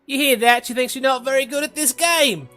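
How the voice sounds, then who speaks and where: A man's voice: very high voice, brisk, pushed and bright, faint music behind, voice pushed up. Man doing a taunting elf with a put-on Cockney accent. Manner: taunting, jeering. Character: cocky young male elf who backs up a bully.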